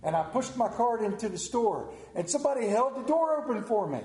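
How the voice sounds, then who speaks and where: A man preaching a folksy storytelling sermon, animated, then dropping low and slow for emphasis. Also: echoey room.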